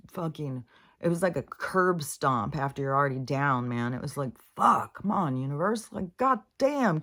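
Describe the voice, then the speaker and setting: A woman's voice: a bass voice, a bit bright. A middle-aged woman talking in a casual, meandering monologue, full of fillers, restarts and frequent swearing. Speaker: spiritual vlogger.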